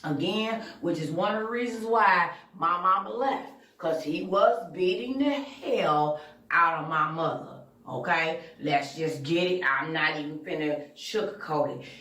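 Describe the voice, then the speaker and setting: A woman's voice: lowish voice, unhurried, pushed and bright. A woman hosting her own channel, telling a personal story in a blunt, candid way with plenty of profanity. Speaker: channel host. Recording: echoey room, voice far from mic.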